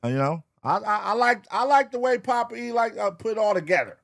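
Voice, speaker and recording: A man hosting a casual livestream reaction show, talking with profanity and calling out viewer names in an animated roll call. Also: sits high, brisk, gravelly. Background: hip hop music.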